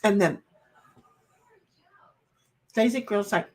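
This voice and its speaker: A woman's voice: a little high, lively intonation, measured pace, pauses often, fairly bright tone. A woman hosting a livestream alone, chatting casually with her viewers, reading out their comments and rambling in a playful, self-deprecating, confused way.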